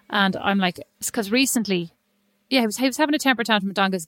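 A middle-aged woman co-hosting a casual chat, telling animated stories and teasing her friend. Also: mid-range voice, fast talker, no room sound. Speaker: podcast co-host.

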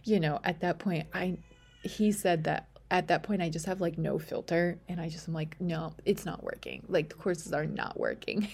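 A woman's voice: on the low side, moderate pace, gravelly, darkish tone, slightly rough. A young woman podcast host telling a personal story in a chatty way, full of fillers, sometimes dropping to a whisper.

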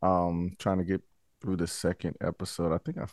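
A man co-hosting a podcast, chatting in an animated, jokey way. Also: low voice, normal speed, no room sound, clean studio sound. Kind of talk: casual chat.

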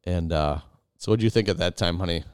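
A man's voice: low-pitched, a little fast, darkish tone, smooth, no room sound, studio quality. A man hosting, animatedly retelling a dramatic story to his wife with many restarts. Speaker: podcast host.

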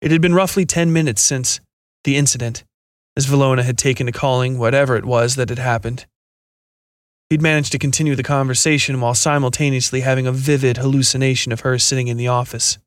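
A man narrating a scripted science fiction horror story in a steady, measured reading. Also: mid-range voice, no room sound, clean studio sound.

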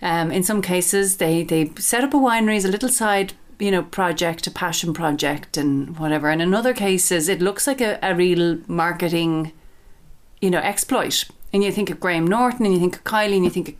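With a voice on the low side and a slightly fast pace, this wine expert co-hosts a podcast in casual conversation. Her manner is reflective and tentative, full of restarts.

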